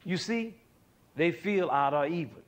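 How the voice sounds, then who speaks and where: A man's voice: on the high side, animated, unhurried. Man teaching music with questions. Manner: asks questions and answers them; demonstrates with counting and sounds. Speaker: music educator hosting a TV series. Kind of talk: televised music lesson to young audience.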